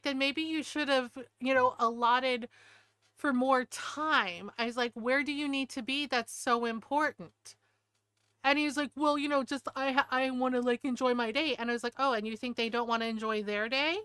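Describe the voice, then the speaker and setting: Bright, clear-voiced storytelling woman. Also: on the high side, normal speed, no room sound, studio quality. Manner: animated, acts out quotes, laughs often. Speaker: streamer. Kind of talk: casual storytelling chat.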